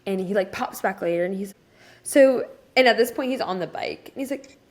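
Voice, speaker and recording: A woman's voice: medium pitch, a little fast, a little mellow. A young woman in her twenties, co-hosting a casual podcast, telling a story with lots of "like" fillers and lifting her voice when she quotes people. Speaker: podcast co-host.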